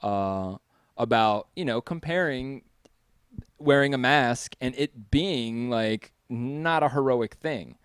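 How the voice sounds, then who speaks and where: Smooth-voiced man co-hosting casual chat. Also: mid-range voice, slow, no room sound, studio quality. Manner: rambling, profane, animated retelling. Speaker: co-host.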